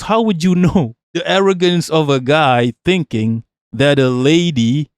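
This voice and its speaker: A man's voice: fairly high pitch, measured pace, clean tone, no room sound, clean studio sound. A man casually reacting on a stream, mocking and profane, firing off rhetorical questions between laughs.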